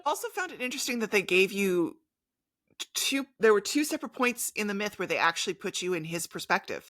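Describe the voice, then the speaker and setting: A woman co-hosting a podcast in an animated, playful chat, her bright voice swinging up and down in pitch. The sound is dry and close, with no room around it. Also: a little fast, no room sound. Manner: animated, playful, quotes characters in mock voices. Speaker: podcast co-host. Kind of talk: casual chat about a game.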